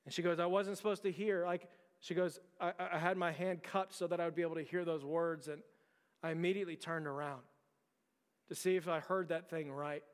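A man's voice: on the high side, fairly even intonation, a little fast, clean tone, big-room sound. A man preaching a sermon as a pastor, telling a story earnestly with frequent repeated words and restarts.

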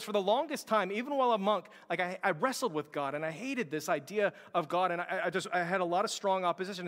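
A man's voice: sits high, a bit bright. A man preaching a sermon as pastor, telling a story with passion and acting out quoted lines. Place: church sanctuary. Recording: long hall reverb.

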